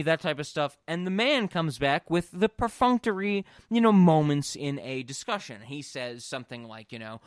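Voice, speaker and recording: A man hosting a podcast in casual chat, rambling and animated with lots of fillers and free swearing. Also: on the high side, normal speed, few pauses, clear, resonant tone, dry recording, clean studio sound. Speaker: podcast host.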